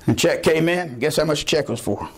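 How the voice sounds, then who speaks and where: A pastor preaching a Baptist sermon, calling out questions to the congregation and telling folksy stories. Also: male voice, fairly high pitch, lively intonation, a little fast. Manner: folksy storytelling.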